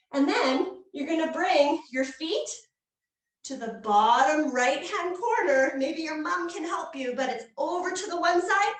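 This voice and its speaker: A woman leading a guided children's yoga class, speaking in a playful, coaxing way and making animal sounds. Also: sits high. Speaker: kids yoga instructor. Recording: echoey room, mic far off.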